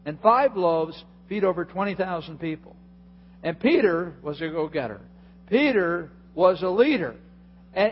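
A man's voice: sits high, breathy edge. A male pastor preaching a sermon, telling the story with energy and acting out the people in it. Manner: animated storytelling with acted-out voices. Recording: dull lo-fi hall recording.

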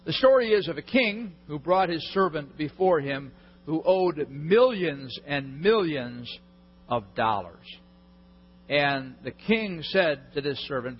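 A man's voice: a little high, animated, slow, breathy edge. A man preaching a sermon in a conversational way, putting questions to the congregation. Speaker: pastor. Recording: echoey hall, dull lo-fi sound.

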